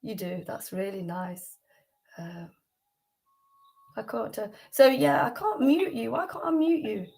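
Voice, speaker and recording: A woman from the United Kingdom leads a casual devotional class over a livestream. Her slightly high voice runs on earnestly, full of fillers and restarts. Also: measured pace, creaky, pauses often, darkish tone, slightly rough.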